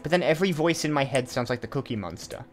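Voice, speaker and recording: Guy doing let's play commentary, chatty, thinking out loud, medium voice, soft music behind. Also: medium pitch, animated, fast talker. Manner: chatty, thinks aloud with asides. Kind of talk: casual game commentary.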